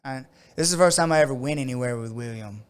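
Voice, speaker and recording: Animated storytelling man with a smooth voice. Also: mid-range voice, fast talker. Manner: animated storyteller acting out quotes with loud outbursts; frequent "like" fillers. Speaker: podcast co-host. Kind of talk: casual storytelling chat.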